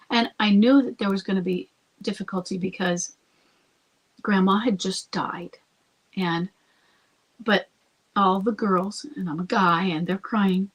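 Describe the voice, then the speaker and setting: A woman's voice: mid-range voice, breathy edge, rough recording. A woman hosting an advice podcast, answering a listener in a conversational, thinking-aloud way and sometimes dropping to a whisper. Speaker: podcast host and coach.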